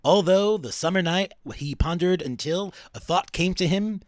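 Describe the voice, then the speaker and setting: A man's voice: high voice, moderate pace, no echo, studio quality, voice pushed up, natural voice. A man putting on the voice of an old-time radio countdown host to read a quote aloud in a dramatic announcer style.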